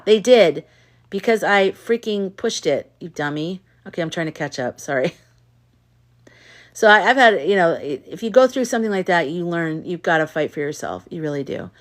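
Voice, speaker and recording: A woman hosts a casual livestream, chatting candidly with viewers and reading their comments aloud. She tells outspoken, exasperated anecdotes in a lowish, animated voice at a moderate pace.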